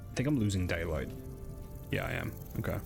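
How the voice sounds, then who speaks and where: A man's voice: sits low, expressive, a little fast, creaky, music in the background. A man streaming a game live, muttering to himself casually, swearing and laughing often.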